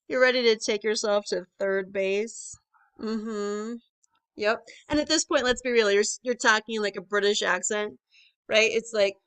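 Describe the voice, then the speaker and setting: A woman's voice: fairly high pitch, steady tone, normal speed, a bit bright, clear, resonant tone. A young woman doing conversational stand-up comedy, chatty with lots of filler words and rising asides to the crowd.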